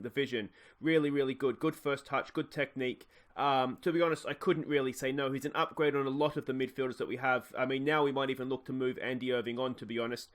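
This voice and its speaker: A man's voice: on the high side, fairly bright tone. An Australian man giving casual let's play commentary, chatty and thinking aloud with frequent fillers and self-corrections. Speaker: gaming YouTuber.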